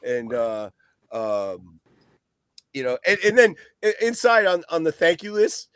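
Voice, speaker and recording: A man's voice: fairly high pitch, sing-song, measured pace, a bit bright, smooth, no echo, studio quality. A man guest on a podcast chatting casually about a record, rambling, swearing and laughing often. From East Coast of the US. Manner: rambling, profane, laughs a lot.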